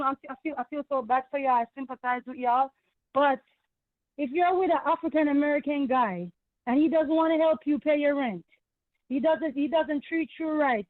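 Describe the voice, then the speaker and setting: Lady ranting on a call-in, high pitched, indignant, thin phone sound. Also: no echo. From Caribbean. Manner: emphatic, repetitive, indignant. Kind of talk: heated call-in rant. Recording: tinny phone line.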